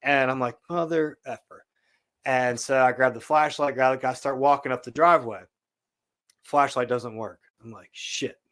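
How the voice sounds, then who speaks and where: Man, podcast guest, casual storytelling, animated, middle pitch, studio. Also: moderate pace. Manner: animated storyteller, acts out quotes.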